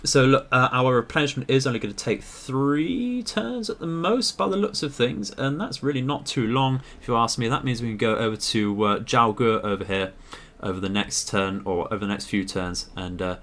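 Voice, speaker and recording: A man, hosting a gaming video and talking through a strategy game in a polite, measured way with frequent fillers. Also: mid-range voice, expressive, a bit bright.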